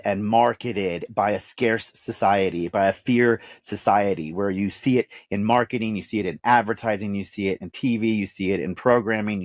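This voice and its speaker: A man's voice: fairly low pitch, darkish tone, no echo, clean studio sound. Earnest Texan man in his fifties. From Dallas, Texas. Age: 50s. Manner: earnest, emphatic, uses repeated phrases. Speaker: podcast host interviewed. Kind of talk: candid personal storytelling.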